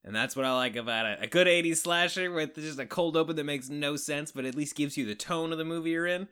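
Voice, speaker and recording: A Canadian podcast co-host chatting casually, animated and jokey. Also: medium pitch, fast talker, clear, resonant tone. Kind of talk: casual chat.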